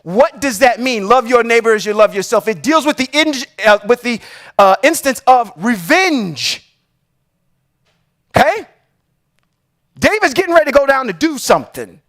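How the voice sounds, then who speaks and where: A man teaching Torah on a live stream, reading verses slowly and with emphasis, then explaining them with frequent "okay?" check-ins. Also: very high-pitched, sing-song, a bit bright. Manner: reads verses slowly and emphatically, then comments with rhetorical questions.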